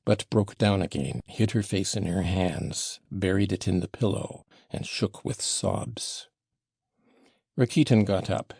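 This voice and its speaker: A man narrating a classic novel for an audiobook in a measured, unhurried storytelling manner. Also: deep voice, creaky, a little mellow, husky, dry recording, clean studio sound.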